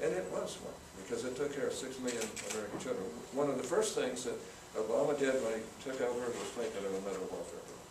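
A man's voice: mid-range voice, lively intonation, fast, few pauses. Older man telling stories, roomy distant sound. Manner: folksy anecdotal, acts out quotes. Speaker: guest speaker, senator. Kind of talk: storytelling talk to students. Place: campus event room. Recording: roomy, from far off, noisy.

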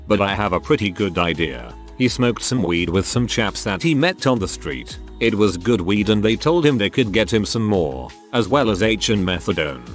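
A man reading reddit stories aloud in an even storytelling manner. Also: fairly low pitch. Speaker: narrator. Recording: faint background music.

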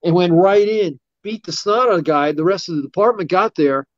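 A middle-aged man, a martial arts instructor, telling rambling, animated anecdotes in a casual interview and acting out what people said. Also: sits high, brisk, dry recording. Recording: dull, dry lo-fi sound.

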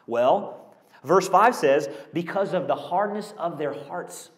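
A male pastor preaching a conversational, animated sermon with rhetorical questions. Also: on the high side, unhurried. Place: school auditorium used as a church. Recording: echoey auditorium.

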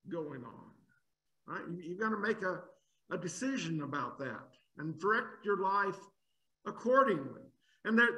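Slow, sharp-voiced male preacher. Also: high-pitched, poor audio. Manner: emphatic, rhetorical questions, repeats words. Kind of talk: expository sermon.

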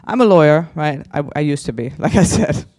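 A man's voice: on the high side, animated, fairly quick, darkish tone. A man doing stand-up crowd work on a conference stage, brash and teasing, swearing freely as he ribs the audience. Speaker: stand-up comedian.

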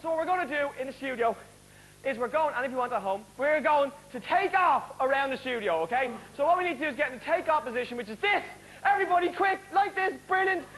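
A man doing stand-up comedy in a TV studio, loud and excitable, acting out the people in his stories. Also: extremely high pitch, fast talker. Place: TV studio with a live audience. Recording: live studio audience, noisy broadcast recording.

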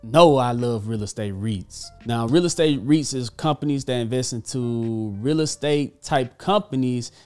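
A man hosting a casual finance video, upbeat and energetic with offhand asides. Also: mid-range voice, unhurried, hardly any pauses. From Texas. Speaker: host. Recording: faint background music.

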